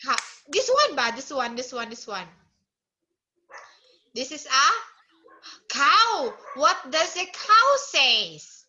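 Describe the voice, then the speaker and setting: A woman's voice: high-pitched, sing-song, pushed and bright, muffled recording, slight background noise. A woman teaching English to a child online, asking simple questions again and again and coaxing answers out of the child. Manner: slow, repetitive, coaxing questions; imitates animal sounds. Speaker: English tutor.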